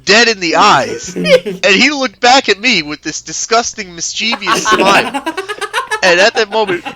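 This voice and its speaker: A young man guest on a podcast, telling stories in a laughing, animated way. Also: high voice, measured pace, a crowd in the background. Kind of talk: casual podcast storytelling.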